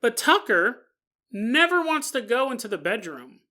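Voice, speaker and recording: A woman's voice: on the high side, sing-song, unhurried, sharp tone. A woman hosting a podcast, telling a paranormal story in a chatty, joking way and acting out the people in it. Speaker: podcast host. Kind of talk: casual paranormal story narration.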